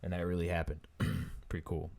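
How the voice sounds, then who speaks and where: A man's voice: low-pitched, monotone, a little fast, creaky, a little mellow. A man co-hosting a podcast in casual chat, laid-back, mostly giving short agreeing replies. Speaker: podcast co-host. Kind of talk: casual movie-debate chat.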